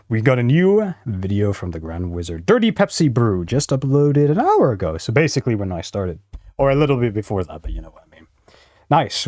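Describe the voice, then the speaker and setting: A man's voice: medium pitch, very animated, brisk, darkish tone, dry recording, clean studio sound. A man, rambling and swearing freely in casual reaction-stream commentary. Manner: rambling, swearing a lot, frequent laughter.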